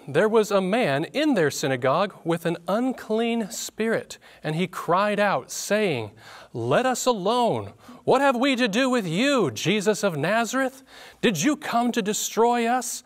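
A man's voice: on the high side, a bit bright. A man teaching a Bible lesson on a church panel, reading scripture and explaining it in a conversational way with light humor and questions to the audience.

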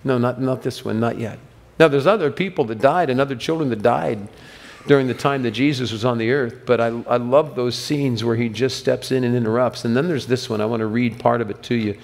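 A man's voice: mid-range voice, a little fast, vocal fry, big-room sound. A man preaching a sermon as pastor, retelling scripture in a casual storytelling manner and voicing the people in it. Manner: storytelling preacher, acts out quoted voices. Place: church sanctuary.

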